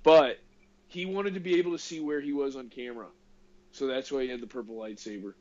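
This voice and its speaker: A man co-hosting a podcast, chatting in an excitable, animated, incredulous way. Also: mid-range voice, a little fast, dull audio. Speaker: podcast co-host. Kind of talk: casual chat.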